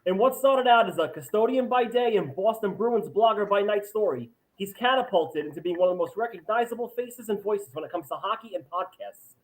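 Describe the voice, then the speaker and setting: A high-pitched man with a Long Island accent hosts an interview podcast. He reads his introductions with eager build-up and keeps the chat casual. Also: expressive, fairly quick, low-quality recording. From Long Island, New York. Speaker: podcast host. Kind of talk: interview host, read-out intro.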